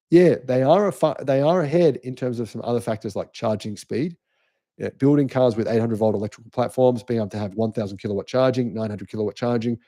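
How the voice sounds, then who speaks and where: A middle-aged man with an Australian accent hosts a live-stream and talks through viewers' comments. His voice is dark and mellow. He presses his points insistently and keeps restarting his sentences. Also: mid-range voice. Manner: emphatic, insistent, restarts often. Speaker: channel host.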